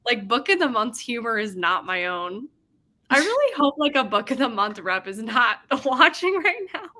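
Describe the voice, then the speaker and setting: Very animated and a little high, this young woman's sharp voice moves at a moderate pace. As a livestream host, she keeps things casual, rambling along, reading chat comments aloud, and laughing a lot.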